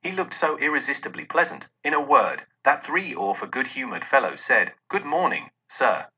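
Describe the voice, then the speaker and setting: Male audiobook narrator; husky, bright, lively delivery, dull lo-fi recording. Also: medium pitch, moderate pace. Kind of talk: scripted narration.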